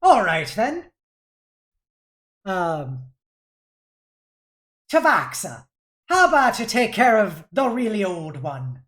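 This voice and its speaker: A woman voicing a smooth, menacing male pirate captain who speaks with cold courtesy. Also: on the low side, takes it slowly. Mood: sly. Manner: courtly, drawling, coldly polite.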